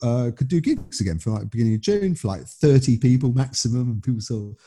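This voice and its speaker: Brief: male comedian, mellow husky tone, chatty rambling storyteller. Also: mid-range voice, fast talker, soft background music. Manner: rambling, animated storytelling with many restarts. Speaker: stand-up comedian. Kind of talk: casual interview chat.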